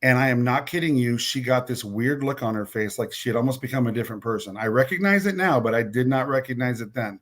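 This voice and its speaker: A man's voice: medium pitch, fast, hardly any pauses, fairly bright tone. A man telling a personal story as a podcast guest, bluntly and with some swearing. He trips over and repeats words, and he acts out what others said as quoted dialogue.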